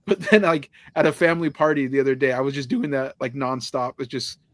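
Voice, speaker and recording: A man's voice: medium pitch, steady tone, brisk, dry recording, clean studio sound. A man hosting a podcast, telling rambling stories in casual chat, laughing often and swearing freely. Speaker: podcast host.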